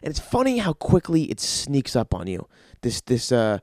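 This is a crude, filler-heavy solo rant from a young man on his own podcast. He speaks at a normal speed in a medium pitch that swoops wildly, sounding a little mellow. The sound is dry and clean, like a studio.

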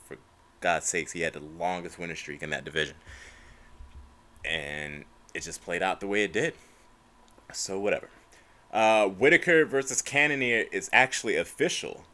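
A young man hosting a solo podcast, ranting casually about fight news, swearing and tagging lines with bro and man. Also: lowish voice. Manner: animated, profane, says bro and man constantly. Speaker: podcast host.

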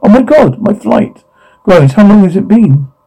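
A man's voice: high-pitched, sing-song, measured pace, warm tone, slightly rough, voice pushed up, full character voice, poor audio. A man reading aloud and voicing a flustered young woman trapped in an elevator, in a raised, breathless voice. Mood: panicked.

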